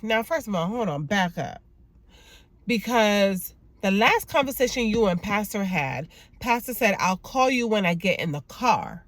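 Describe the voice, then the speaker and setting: A woman in the middle of her range recaps a TV episode, chatty and animated, putting on the characters' lines as she goes. The sound is close and dry. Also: mid-range voice, moderate pace, no room sound. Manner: chatty with repeated emphatic words. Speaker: YouTube TV recap host and clinician. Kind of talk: casual TV episode review.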